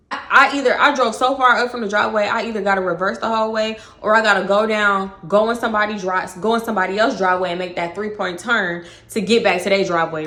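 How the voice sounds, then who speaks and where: Woman vlogger, animated and foul-mouthed, slightly high voice, roomy sound. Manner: animated, profane, dramatic retelling. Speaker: storytime vlogger. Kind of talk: casual storytelling.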